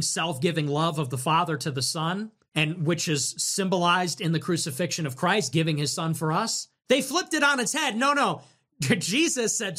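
A man's voice: high-pitched, pushed and bright. A man hosting a livestream, ranting in a sarcastic, mocking way to his chat. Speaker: livestream host. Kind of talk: livestream commentary rant.

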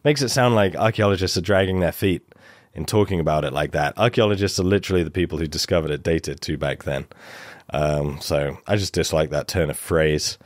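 Brief: deep, dry-sounding man, measured explainer with a critical edge. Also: no echo. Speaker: archaeology commentator in a played clip. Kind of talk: casual explanatory commentary.

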